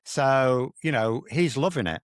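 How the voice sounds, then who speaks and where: A man's voice: medium pitch, animated, measured pace, no room sound, clean studio sound. A British man giving casual political analysis, talking bluntly and animatedly with slangy asides. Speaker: political commentator.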